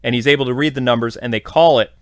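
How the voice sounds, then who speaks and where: A man's voice: medium pitch, steady tone, quick pace, no room sound, studio quality. A man hosting a podcast, giving a casual, rambling episode recap full of fillers. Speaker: podcast host.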